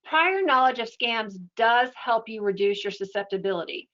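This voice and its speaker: A woman giving an educational webinar talk in a steady, explanatory, conversational way. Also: fairly high pitch, moderate pace, lo-fi sound. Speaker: webinar presenter.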